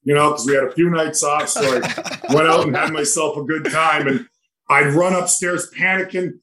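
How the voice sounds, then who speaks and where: An older man spins rambling hockey road stories as a podcast guest, acting out the dialogue with lively energy. His voice sits a little high for a man. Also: normal speed, a crowd in the background, rough recording. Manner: animated, rambling anecdotes with quoted dialogue. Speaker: retired hockey player, guest. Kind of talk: storytelling in a podcast interview.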